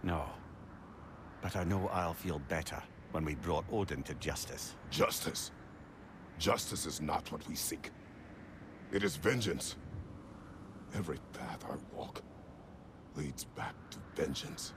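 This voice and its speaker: An actor playing a grim, weary warrior father in a video game, speaking slowly and tersely with a deep gravelly voice. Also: background noise. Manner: slow, terse, heavy-spoken.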